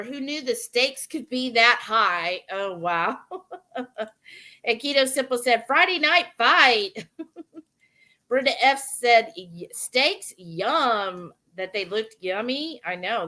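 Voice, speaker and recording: Fairly high, pushed and bright, a woman's voice reads out comments on her cooking livestream. She casually says hello to each viewer by name.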